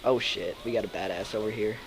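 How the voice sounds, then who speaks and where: A man's voice: on the low side, steady tone, fast, husky, low-quality recording. A young man giving live commentary over a shooter game, rambling and thinking aloud with lots of fillers and swearing. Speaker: let's play commentator.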